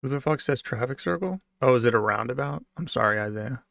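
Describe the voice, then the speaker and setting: A man's voice: mid-range voice, expressive, quick pace, vocal fry, a bit bright, no echo, studio quality. A man streaming from his basement apartment, chatting casually in a sarcastic, profane, rambling way. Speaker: livestreamer. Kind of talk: casual livestream chat.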